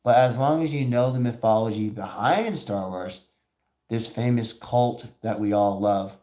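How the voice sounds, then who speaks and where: Hosting a live show, a man with a lowish voice speaks at a measured pace. His commentary is rambling, excitable and casual, and he acts out quoted voices along the way.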